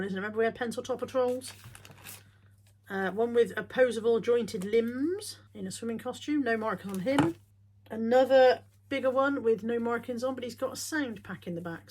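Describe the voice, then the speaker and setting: Woman, middle-aged, wry casual vlogger, slightly high voice. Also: husky. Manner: chatty, wry, thinks out loud. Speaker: reseller showing bargain finds. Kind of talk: casual chatty vlog.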